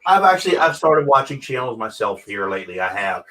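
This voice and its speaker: A man's voice: mid-range voice, sing-song, brisk, pushed and bright. Chatty man hosting a casual video-call chat. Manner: chatty, repeats words, likes doing impressions. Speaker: host.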